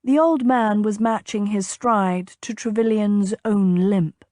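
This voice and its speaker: A woman narrating a historical romance audiobook in a measured, even storytelling manner. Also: medium pitch, no room sound, studio quality.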